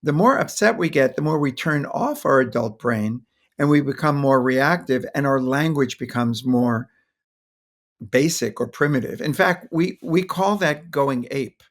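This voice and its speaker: A man's voice: mid-range voice, animated, a little slow. An older man, a pediatrician guest on a podcast, speaking thoughtfully and sometimes acting out how to soothe a child. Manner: thoughtful, acts out soothing toddler talk. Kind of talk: podcast interview.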